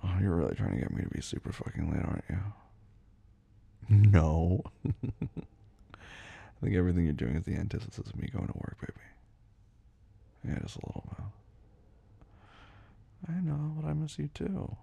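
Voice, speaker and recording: A man voices an intimate audio role-play in a low, teasing murmur that often turns breathy and slides into whispers. His voice is dark and gravelly, with a husky edge. The recording is close and dry, with no room sound. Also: sing-song, moderate pace, long pauses, no echo. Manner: drifts into soft whispers.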